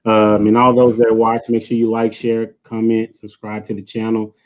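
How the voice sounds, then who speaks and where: A laid-back male host with a lowish, flat voice. He keeps things casual and encouraging with slangy replies, and his video call audio sounds dull and lo-fi. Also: moderate pace. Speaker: podcast host. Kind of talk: casual interview.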